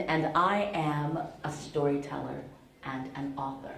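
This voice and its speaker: A woman's voice: low-pitched, steady tone, measured pace, gravelly, a loud crowd. A middle-aged woman storyteller speaking playfully and animatedly to an audience of schoolchildren in a school hall. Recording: roomy echo, faint hall noise.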